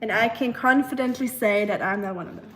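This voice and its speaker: A woman's voice: a little high, brisk, background noise. A young woman with a German accent, a native German speaker, chatting casually with her livestream viewers while she cooks, answering them and searching for words. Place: home kitchen. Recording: echoey kitchen with clattering dishes.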